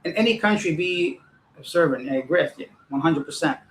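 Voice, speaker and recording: A man's voice: a little high, brisk, reverberant, a little hiss or hum, poor audio. A young man casually telling a rambling, profane story to his livestream audience as host. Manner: rambling, profane, animated retelling.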